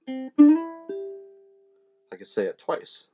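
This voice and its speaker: A middle-aged man teaching ukulele in a relaxed, chatty way, with fillers and small laughs. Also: mid-range voice, slow pace, loud music behind the voice. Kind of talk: casual instructional talk. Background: ukulele playing between phrases.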